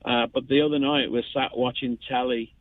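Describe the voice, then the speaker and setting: A man's voice: medium pitch, fairly even intonation, moderate pace, no echo. A rambling man in his fifties talks over a thin, tinny telephone line. He stops and restarts his sentences often and fills them with ums. The sound is dry and close, with no room around it. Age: 50s. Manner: rambling, chatty, many restarts and fillers. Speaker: caller. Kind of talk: phone-in chat.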